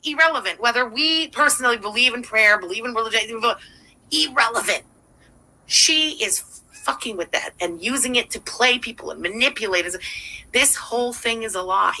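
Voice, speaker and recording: A woman's voice: a little high, animated, moderate pace, pushed and bright, poor audio. A woman hosting a livestream, giving profane, sarcastic running commentary while thanking viewers. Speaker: livestream host.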